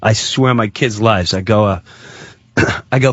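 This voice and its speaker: A man, a comedian guest on a talk radio show, telling a story in an excitable, animated way. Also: fairly low pitch, moderate pace, breathy edge, no echo, lo-fi sound.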